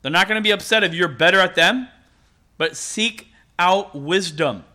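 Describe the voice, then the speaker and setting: A man's voice: high voice, moderate pace, bright, forceful tone. A middle-aged man preaching a sermon as a pastor, in a conversational storytelling manner with frequent laughs.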